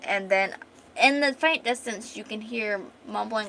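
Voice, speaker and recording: Woman streamer, casual chat, comic read-aloud, bright tone. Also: medium pitch, measured pace, slight background noise. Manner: chatty, retelling with many fillers and restarts.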